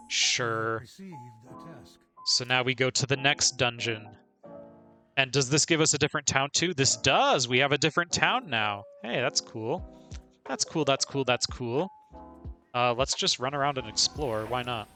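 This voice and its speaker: Male streamer, bright, forceful voice, chatty play-by-play with frequent laughs. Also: medium pitch, normal speed, faint music behind. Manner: chatty, laughs often, narrates own moves. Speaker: game streamer. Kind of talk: casual live gameplay commentary.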